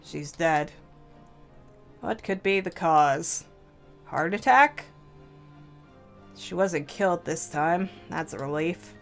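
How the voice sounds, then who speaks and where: Let's-play host, a woman, low-pitched, slow measured visual-novel narration. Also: creaky, faint music behind. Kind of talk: reading a visual novel aloud.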